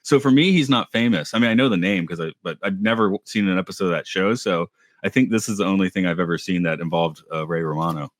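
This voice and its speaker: A man's voice: deep voice, fast talker, dry recording. A man co-hosting a podcast in casual chat, rambling, correcting himself and laughing easily. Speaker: podcast co-host.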